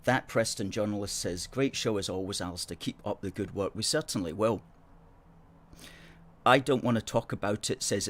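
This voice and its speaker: A middle-aged man hosting a live stream, chatting casually and playfully as he reads out viewer comments. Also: lowish voice. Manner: playful, chatty, self-mocking. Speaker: host.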